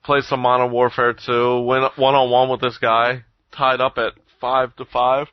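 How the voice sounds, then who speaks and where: Male co-host, casual storyteller who swears and mimics others, mid-pitched, dry close mic, lo-fi sound. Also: measured pace, smooth, no room sound. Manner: animated storytelling, swears a lot, acts out quotes. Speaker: podcast co-host. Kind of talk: casual chat. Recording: dull lo-fi recording.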